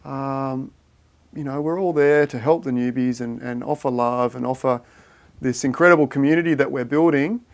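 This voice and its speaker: A man's voice: mid-range voice, normal speed. Chatty man hosting a livestream. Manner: thinks aloud while reading viewer chat, matey and chatty. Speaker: livestream host. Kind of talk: casual livestream chat.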